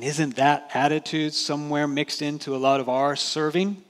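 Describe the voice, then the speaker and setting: A man's voice: on the high side, little pitch movement, moderate pace, hardly any pauses. A man preaching a sermon as pastor, talking to the congregation in a conversational way and asking rhetorical questions. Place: church sanctuary. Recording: church hall reverb.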